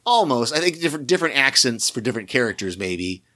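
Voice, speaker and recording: This co-host has a medium-pitched, sing-song voice that's bright and forceful, and he talks fast. In a casual recap of a TV episode, he rambles, often starting sentences over and dropping in fillers.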